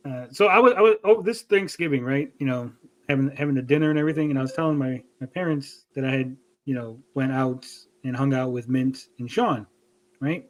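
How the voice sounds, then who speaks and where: A man's voice: medium pitch, fairly quick, poor audio. A man hosting a livestream podcast, telling a rambling story in casual, profane chat.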